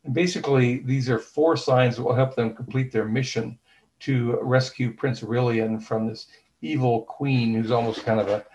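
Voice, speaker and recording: A man being interviewed as an author talks in a considered, explanatory way. He pauses often with fillers and restarts his sentences. He retells scenes by quoting the dialogue. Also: medium pitch, steady tone, darkish tone, low-quality recording. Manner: thoughtful, with many fillers and restarts. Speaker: author and guest.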